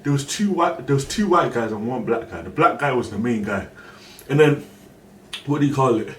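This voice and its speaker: Animated man telling a story, roomy. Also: mid-range voice, moderate pace. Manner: animated storyteller who acts out other people's lines and bursts into shouts. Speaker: streamer. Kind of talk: casual storytelling on a live stream. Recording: roomy echo, voice far from the mic, faint background noise.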